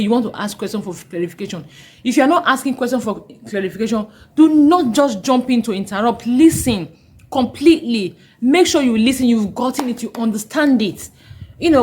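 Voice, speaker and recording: An earnest woman host of a parenting podcast, speaking in a slightly raised pitch. She teaches with emphasis and repeats her key advice to drive it home. Her delivery stays steady and instructive. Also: breathy edge, poor audio. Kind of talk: instructional talk.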